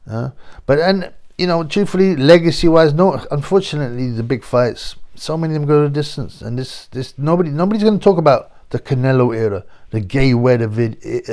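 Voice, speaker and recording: London guy, gravelly voice, rambling and blunt, lots of slang. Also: medium pitch, darkish tone. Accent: London English. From England. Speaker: boxing channel host. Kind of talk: casual opinionated monologue.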